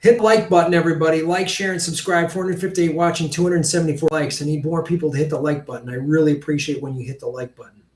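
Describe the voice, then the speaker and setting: A man's voice: a little high, steady tone, quick pace, few pauses, a little mellow, roomy sound, far from the mic. Blunt, profane male livestream host. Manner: blunt, profane, talks directly to chat viewers. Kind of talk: livestream commentary.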